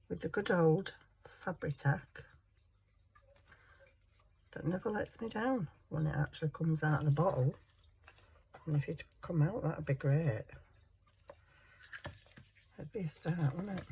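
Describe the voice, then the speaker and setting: A woman's voice: sits low, mellow, slight background noise. A woman chatting casually to viewers and herself as she works on a wire craft project. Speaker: craft vlogger. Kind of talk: casual chat while crafting.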